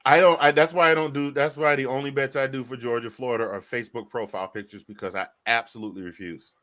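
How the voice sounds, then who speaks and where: A man with a mid-pitched voice sits in as a guest on a casual sports podcast. He tells his stories with animation and slips into impressions of the people in them. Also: fast talker. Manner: animated storyteller, mimics voices in anecdotes.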